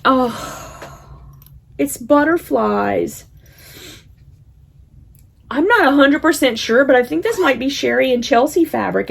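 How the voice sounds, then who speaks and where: A woman's voice: high-pitched, animated, slow pace, creaky, long pauses, husky. A woman vlogging casually as she unwraps gifts, gushing and exclaiming often. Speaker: quilting vlogger. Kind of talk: casual vlog, unboxing gifts.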